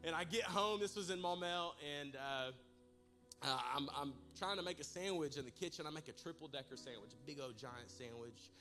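A man preaching to his congregation, telling a comic personal story with animated, humorous delivery. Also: a little high, a little fast, soft background music. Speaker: pastor. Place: church service in a large room.

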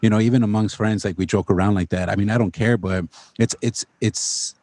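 A man's voice: lowish voice, fairly even intonation, fairly quick, darkish tone, no room sound. A man in casual chat, laid-back and using slang like "dude" a lot.

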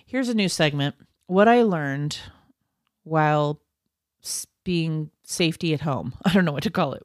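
A middle-aged woman co-hosting a podcast, chatty and quick to laugh, often correcting herself mid-sentence. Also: deep voice, animated, no room sound, studio quality. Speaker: podcast co-host. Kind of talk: casual chat.

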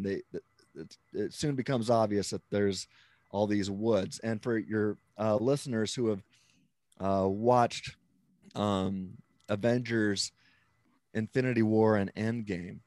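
As an interview guest, a Christian author and apologist lays out theology piece by piece in a conversational style, with restarts and repeated "right?" check-ins. The recording is dry, and his voice is lowish, steady, slow and a little mellow.

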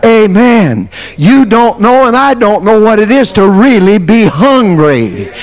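Male pastor, high-pitched and deliberate, dramatic shouts and hushed asides. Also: sing-song. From United States. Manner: dramatic, swings from shouts to near whispers. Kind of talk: fiery sermon storytelling.

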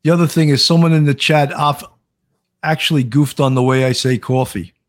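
A man's voice: fairly high pitch, steady tone, brisk. A chatty man with a New York accent hosts a casual livestream. He laughs easily and often restarts his sentences. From Long Island, New York. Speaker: host, former investigator.

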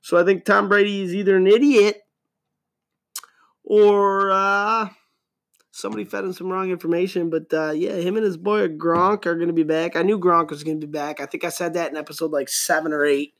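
A man in his thirties hosts a solo podcast, rambling casually and filling it with profanity and jokes. His voice sits high with a level tone and a moderate pace.

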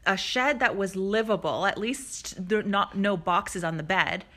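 A woman's voice: mid-range voice, fairly bright tone. A woman co-hosting a podcast, chatting casually about a reality show, teasing her partner and laughing easily. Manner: teasing, quick to laugh, swears. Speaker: podcast co-host. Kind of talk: casual reality-TV recap chat.

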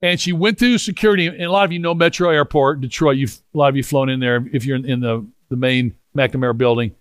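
A middle-aged man preaching a storytelling sermon, animated and rambling with frequent restarts, moving into prayer. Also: mid-range voice, fast, smooth, dry recording, clean studio sound. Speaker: pastor.

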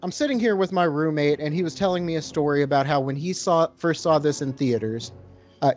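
A man's voice: a little high, darkish tone. A man hosting a casual podcast chat, talking loosely with many filler words while reviewing a beer. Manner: laid-back, lots of filler words.

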